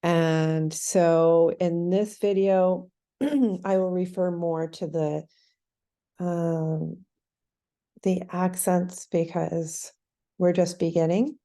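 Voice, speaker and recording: A woman teaching the pronunciation of a sacred text, thoughtful and self-correcting, stretching words out slowly when she demonstrates them. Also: fairly low pitch, fairly even intonation, mellow.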